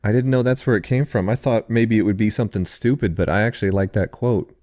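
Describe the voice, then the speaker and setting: A man with a fairly low voice co-hosting a casual podcast. The sound is dry and close, with no room around it, and he talks in an easygoing way as he lays out questions. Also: fast talker, warm tone, dry recording. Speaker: podcast co-host. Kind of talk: casual chat.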